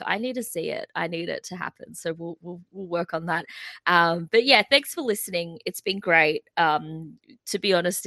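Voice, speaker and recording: A woman's voice: low-pitched, vocal fry, a bit bright, no room sound. A woman co-hosting a music podcast, chatting in a bubbly, filler-heavy way. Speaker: podcast co-host. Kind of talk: casual music podcast chat.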